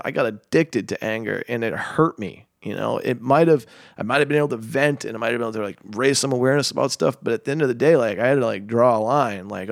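Guy with a bit of gravel in his voice, rambling with lots of "you know"s, dry close mic. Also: medium pitch, no echo. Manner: rambling, heavy use of fillers like "you know" and "like". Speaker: guest singer-songwriter. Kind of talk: casual conversation.

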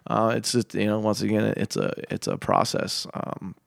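A man's voice: lowish voice, fairly even intonation, moderate pace, gravelly, no echo, studio quality. A man, a singer-songwriter guest, talking casually and rambling, with lots of fillers. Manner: rambling, heavy use of fillers like "you know" and "like". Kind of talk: casual conversation.

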